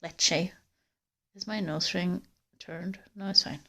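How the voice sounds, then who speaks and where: Walking through a forest outdoors, a woman livestreams and chats casually with viewers, rambling and swearing as she goes. She's cold, and her volume rises and falls with her steps. Her voice sits on the low side, with vocal fry and a slightly slow pace.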